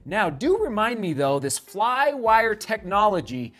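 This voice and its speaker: A man's voice: sits high, huge pitch swings, a little slow, fairly bright tone. A man reviewing running shoes in an enthusiastic, rambling vlog, often interrupting himself. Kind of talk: excited product review vlog.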